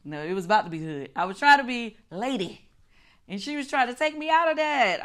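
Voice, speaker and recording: A middle-aged woman recaps a feud in an animated, profane way, acting out her own reactions with big swings in her voice. Her pitch sits a little high and bounces around a lot. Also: a little fast. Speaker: show host. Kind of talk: casual recap chat.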